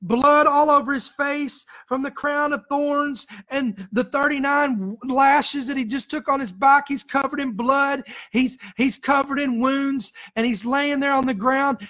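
A woman's voice: high-pitched, a little slow, hardly any pauses, fairly bright tone. A woman preacher delivering an emotional sermon, full of fervent, repeated exhortations to the congregation.

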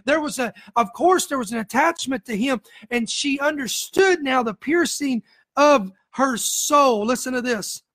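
A woman's voice: high-pitched, animated, a little slow, a bit bright. A woman preacher delivering an emotional sermon, full of fervent, repeated exhortations to the congregation.

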